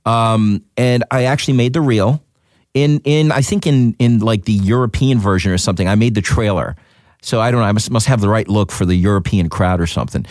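A man, an actor, telling a story in a casual interview, animated and repeating words as he goes. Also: a little fast, no echo, studio quality. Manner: animated, jumps up in pitch acting out quotes, repeats words. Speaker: actor guest.

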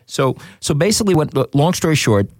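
A man, an actor, telling a story in a casual interview, animated and repeating words as he goes. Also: fairly quick, no echo, studio quality. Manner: animated, jumps up in pitch acting out quotes, repeats words. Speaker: actor guest.

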